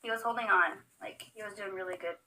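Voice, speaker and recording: A woman's voice: medium pitch, steady tone, fast, bright, forceful tone, poor audio. A young woman chatting casually at home while filming her pet monkey, coaxing it and laughing often. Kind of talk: casual chat. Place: home room.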